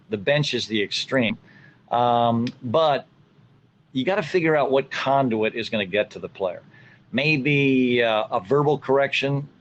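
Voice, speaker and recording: A man's voice: mid-range voice, fairly bright tone, rough recording. Reflective man explaining coaching, faint noise. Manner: reflective, many fillers, acts out what he tells players. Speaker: college soccer coach. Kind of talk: conversational interview answers.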